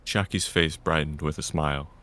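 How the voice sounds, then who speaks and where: A man's voice: rumbling low, steady tone, normal speed, pushed and bright, no echo. A man reading a visual novel aloud in first person, narrating and voicing the stern lead. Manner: stern and lecturing in dialogue.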